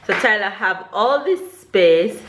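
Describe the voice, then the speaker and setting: A woman's voice: mid-range voice, lively intonation, takes it slowly. A young woman from Jamaica chatting casually to her vlog viewers and cooing at her baby. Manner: chatty, laughs often, coos at her baby. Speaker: vlogger. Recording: roomy echo, faint background noise.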